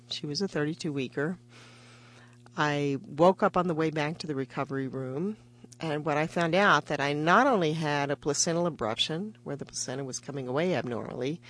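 Woman guest, physician, vivid storyteller, acts out dialogue, interview. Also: sits low. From part Mexican heritage. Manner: vivid storytelling with lively voiced quotes. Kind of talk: personal story in a radio interview.

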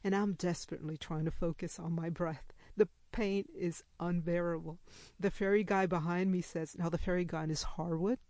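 A woman storyteller telling a personal story to a live audience, animated and laughing as she acts out the quoted speech. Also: lowish voice, moderate pace, dry recording.

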